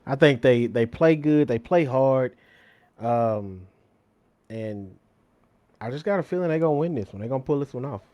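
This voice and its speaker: A man's voice: mid-range voice, animated, normal speed, long pauses, dry recording, muffled recording. A man on a sports panel who gives his pick frankly and in a laid-back, informal way. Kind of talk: casual sports chat.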